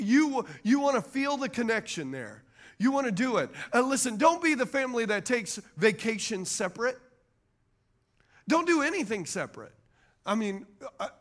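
A man's voice: high-pitched, a bit bright. A man, preaching a sermon as pastor and calling to the congregation for amens and agreement. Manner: call-and-response preaching, asks the crowd for amens.

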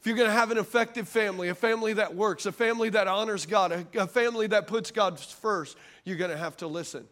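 A middle-aged man preaching a sermon as pastor, animated and conversational, with asides to the congregation. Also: sits high, fast talker, hardly any pauses.

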